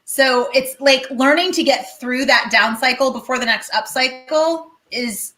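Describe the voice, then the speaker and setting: A woman co-hosting a casual talk show, chatty and quick, full of "like", acting out her own thoughts as she tells a story. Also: high voice, pushed and bright. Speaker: co-host.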